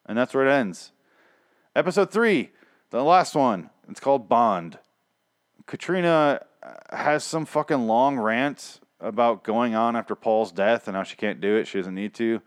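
Brief: man, casual profane recapper, sarcastic and rambling, mid pitch, dry close sound. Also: animated, measured pace, clean tone, dry recording. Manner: sarcastic, rambling, heavy swearing. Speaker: show reviewer.

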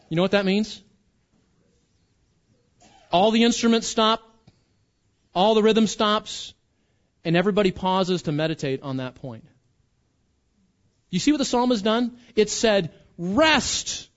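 A man's voice: high voice, lo-fi sound. A man preaching a conversational sermon as pastor, often restarting and repeating words.

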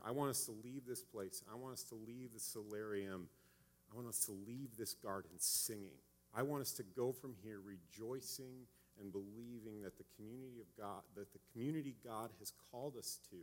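A man in his thirties giving a conversational sermon as a pastor, often checking in with a quick "right?". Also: on the low side. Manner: conversational preaching, frequent "right?" asides.

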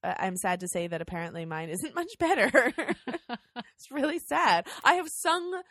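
A woman co-hosting a podcast in casual chat, self-deprecating and quick to laugh. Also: a little high, lively intonation, fairly bright tone, no echo, studio quality. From Canada. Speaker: podcast co-host.

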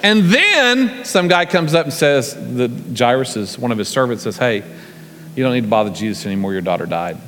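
A man preaching as a guest, telling folksy stories in a relaxed, conversational way and acting out the scenes. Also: mid-range voice. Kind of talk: storytelling sermon. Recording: long reverb from a large church hall.

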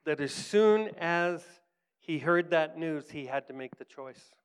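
A man telling a story in a sermon, earnest, sinking to hushed tones for quoted words and rising for emphasis. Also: a little high, expressive, measured pace, clean tone. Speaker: preacher.

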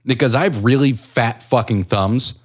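A man's voice: mid-range voice, husky. A young man co-hosting a podcast in casual chat, rambling and swearing freely, poking fun at himself and laughing easily. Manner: rambling, profane, self-deprecating, quick to laugh. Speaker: podcast co-host.

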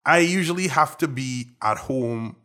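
A young man from Trinidad and Tobago, a guest in a casual interview, talking in a relaxed, jokey way with an accent that moves between American and Trinidadian. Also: medium pitch, a little slow. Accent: American, switching to Trinidadian partway.

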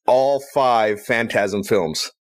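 Easygoing man with a lowish voice. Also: extremely slow. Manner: easygoing, chatty, laughs often. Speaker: podcast co-host. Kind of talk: casual profane chat.

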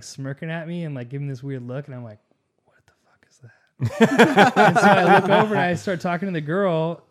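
A man's voice: a little high, a little hiss or hum. Profane, rambling young man telling a story. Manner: profane, animated, rambling with many fillers. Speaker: podcast co-host. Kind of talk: casual storytelling.

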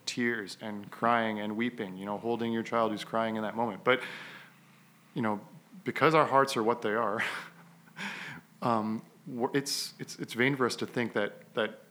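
Guy on a church-style podcast, bright forceful voice, keeps restarting sentences and clearing his throat. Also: medium pitch, fairly even intonation. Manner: halting, many restarts, clears throat often. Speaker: podcast co-host and father. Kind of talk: conversational podcast discussion.

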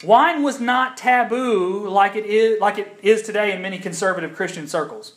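A man's voice: high-pitched, normal speed. A young man from the United States preaching a sermon in a conversational way, with frequent ums and restarts, building in intensity at key points. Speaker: pastor.

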